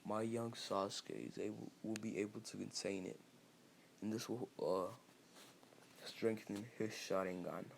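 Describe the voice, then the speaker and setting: A proud clan-leader father, put on by a man narrating boasts about his son in slow, deliberate words. His voice is low and gravelly. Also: steady tone, slight background noise.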